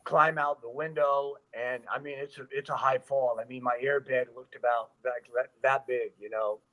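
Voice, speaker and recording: Animated man telling a stunt story. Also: mid-range voice, moderate pace, poor audio. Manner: animated, acts out quoted voices and screams; loose, repeats himself with frequent fillers. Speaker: stuntman, guest. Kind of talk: storytelling in an interview.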